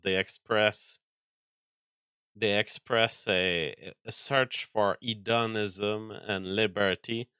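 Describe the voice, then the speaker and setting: Stream host, male, slow deliberate delivery, bright tense tone, mock-outraged and profane, repeats words as he restarts. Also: fairly low pitch, clear, resonant tone, dry recording, clean studio sound. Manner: mock-angry ranting, profane, stammering restarts. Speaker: livestream host reading chat. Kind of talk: casual livestream chat.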